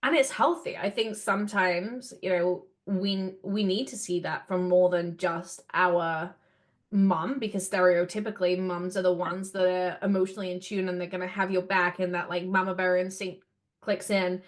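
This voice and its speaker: A woman's voice: fairly low pitch, fairly even intonation, normal speed. A woman hosting a podcast, responding supportively and reflecting thoughtfully in casual conversation. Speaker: podcast host. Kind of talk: casual chat.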